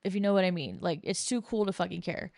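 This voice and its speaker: A woman's voice: on the low side, quick pace, creaky, a little mellow, dry recording, studio quality. A young woman hosting a podcast, ranting casually and bluntly with lots of swearing and sarcasm while reading from bullet points. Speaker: podcast host.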